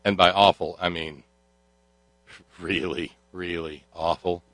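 A man's voice: low-pitched, steady tone, takes it slowly, a bit bright, dry recording. A man hosting a talk show, delivering a sardonic monologue full of fillers and restarts. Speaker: host.

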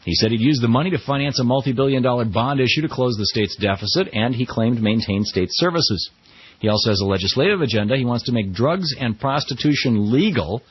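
A middle-aged man hosting a talk radio show, running through the news with a wry, chatty manner and a voice that swoops up and down. His tone is slightly husky, and the sound is dry and a little dull. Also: mid-range voice, no echo. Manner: wry, conversational, quotes people in mock voices. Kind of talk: news commentary.

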